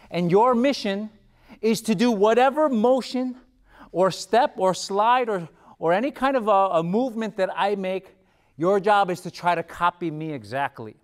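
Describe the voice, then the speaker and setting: A man leading a taekwondo workout, encouraging and calling out commands, out of breath. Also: high voice. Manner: encouraging, calls out commands and kiai shouts. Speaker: taekwondo instructor. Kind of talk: guided workout instruction.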